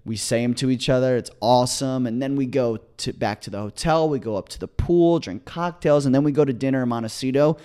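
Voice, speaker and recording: A man co-hosting a comedy podcast, telling a long story in a casual, excited, rambling way with many restarts. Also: medium pitch, fairly quick, hardly any pauses, clear, resonant tone. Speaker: podcast co-host.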